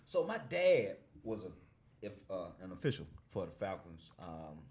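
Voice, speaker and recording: A low, husky male voice hosting a loose podcast conversation. His pitch swings widely as he reacts and tells a story. He is laid-back and swears freely. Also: very animated, moderate pace, darkish tone. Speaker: podcast host. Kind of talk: casual podcast chat.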